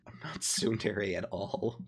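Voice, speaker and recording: A man's voice: on the low side, fairly even intonation, measured pace, creaky, husky. A man co-hosting a comedy podcast, trading blunt, mock-insulting jabs and swearing in casual banter. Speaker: podcast co-host.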